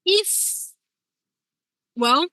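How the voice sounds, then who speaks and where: A woman's voice: drawn-out words, sharp tone, no room sound. A woman teaching scriptwriting in a casual lecture, acting out short example lines as she explains. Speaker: scriptwriting instructor.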